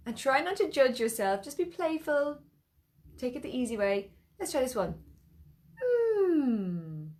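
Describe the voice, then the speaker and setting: An Irish woman teaching singing, leading vocal warm-ups and encouraging learners to copy her sounds in a playful way. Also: fairly high pitch. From Ireland.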